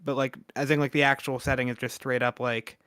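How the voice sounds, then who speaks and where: A man's voice: mid-range voice, flat delivery, brisk, a bit bright, smooth, no echo. A man on a casual podcast who rambles, restarting his sentences and filling them with "like.". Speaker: podcast co-host.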